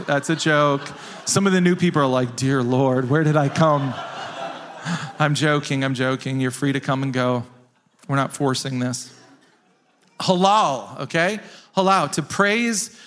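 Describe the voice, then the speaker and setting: Guy pastor preaching, high voice, super animated, keeps repeating lines for punch. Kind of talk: sermon.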